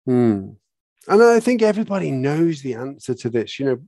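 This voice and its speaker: A horse trainer talks through his methods in an interview, eager and quick to act out what he and the horse might say. His voice is gravelly with a creaky edge at a middle pitch. The sound is close and dry, with no room around it. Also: no echo. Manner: animated, explains by acting out dialogue. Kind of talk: podcast interview answers.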